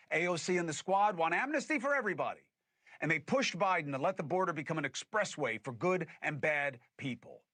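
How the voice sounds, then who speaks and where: Emphatic bright-voiced male commentator. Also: fairly high pitch, no echo. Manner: argumentative, emphatic, explains in plain terms. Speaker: host. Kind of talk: political commentary.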